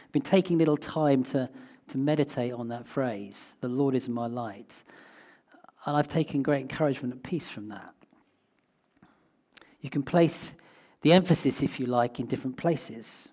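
A preacher man delivers a sermon in a church. His voice sits at a plain middle pitch. He talks in a reflective way and often pauses on small fillers. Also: dark tone.

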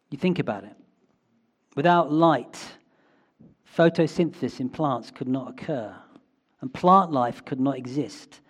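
A man preaching a sermon in a church, reflective and often pausing with small fillers. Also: mid-range voice, slightly rough.

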